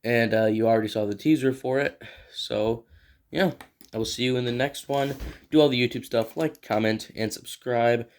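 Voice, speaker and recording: A man casually reviewing an action figure, rambling and thinking aloud as he handles it, often clearing his throat. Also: mid-range voice, normal speed, slight background noise. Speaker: toy reviewer. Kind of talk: casual toy review vlog.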